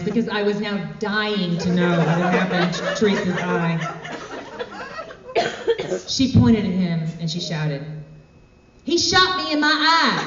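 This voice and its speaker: A woman telling a comic personal story on stage with deadpan, wry asides. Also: fairly low pitch, heavy background noise. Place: stage in a hall. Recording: echoey hall, far from mic, dull.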